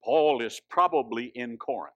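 A man preaching a sermon, swinging from hushed, drawn-out lines to loud, high exhortation. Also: no room sound, highs cut off.

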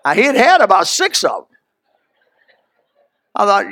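A man preaching a sermon, telling folksy stories with sudden loud emphatic peaks. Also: high-pitched, huge pitch swings, normal speed, vocal fry, pauses often, no room sound, studio quality. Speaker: pastor.

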